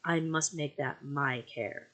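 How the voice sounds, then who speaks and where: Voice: medium pitch, pushed and bright. A reader doing a stern domineering aunt. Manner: brisk, commanding, indignant. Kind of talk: audiobook character voice.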